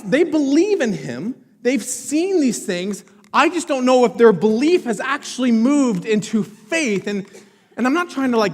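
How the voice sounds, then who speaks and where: Male pastor, high and expressive, conversational sermon with questions to the room, reverberant church hall. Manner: conversational preaching, quizzes the congregation. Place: church sanctuary.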